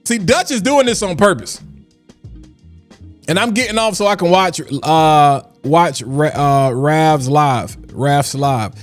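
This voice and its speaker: A man's voice: fairly high pitch, takes it slowly, soft background music. A man hosting a casual livestream, talking in a preachy way and repeating lines for emphasis. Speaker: livestream host.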